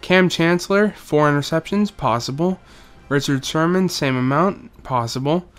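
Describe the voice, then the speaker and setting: A young man with a slightly higher voice runs through his football video game, commenting casually and cracking jokes. He rambles through stats, then slips into a mock play-by-play voice. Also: moderate pace, fairly bright tone, soft background music. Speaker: gaming YouTuber.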